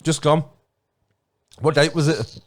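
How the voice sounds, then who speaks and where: A man's voice: a little high, fairly even intonation, slow pace. A man co-hosting a podcast in casual chat, bantering bluntly and swearing. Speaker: podcast co-host.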